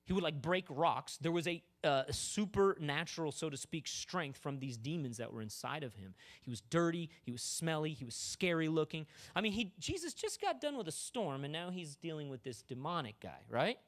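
A man's voice: a little high, lively intonation, normal speed, few pauses. A man preaching a sermon in a casual, joking way, full of asides to the congregation. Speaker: pastor.

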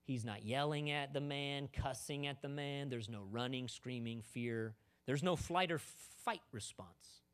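A man's voice: mid-range voice, unhurried, hardly any pauses, a bit bright, smooth. A man preaching a sermon in a casual, joking way, full of asides to the congregation. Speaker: pastor.

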